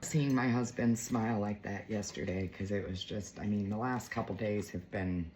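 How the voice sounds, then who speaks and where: A woman's voice: rumbling low, moderate pace, a little mellow, slight background noise, poor audio. A woman in her forties telling a heartfelt story to her viewers in a chatty, emotional way, full of fillers. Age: 40s. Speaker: vlogger.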